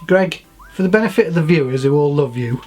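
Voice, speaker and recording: A man's voice: fairly high pitch, expressive, quick pace, darkish tone, faint music behind. A man hosting a comedy quiz game, teasing his co-host in a mock-stern way. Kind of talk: playful quiz banter.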